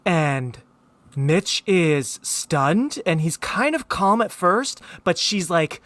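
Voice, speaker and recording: A man's voice: sits high, big pitch swings, slow, a bit bright, dry recording. A man in his thirties hosting a podcast, gushing as he recaps a TV episode and acts out its lines. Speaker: podcast host. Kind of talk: casual chat recapping a TV show.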